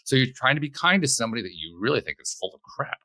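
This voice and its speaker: A middle-aged man talking as a podcast guest, animated, thinking aloud with frequent restarts. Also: medium pitch, rapid-fire, dry recording. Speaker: podcast host, guest here. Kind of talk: conversational interview.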